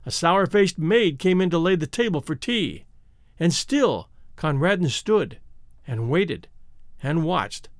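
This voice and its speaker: A man narrating classic short stories aloud in a measured, expressive reading with deliberate pauses. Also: a little high, dry recording, studio quality. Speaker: audiobook narrator.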